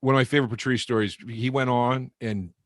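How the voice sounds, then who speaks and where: A man's voice: mid-range voice, fairly even intonation, brisk, a bit bright, dry recording, studio quality. A man who is a podcast guest and comedian, rambling through stories and laughing often. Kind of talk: casual podcast chat.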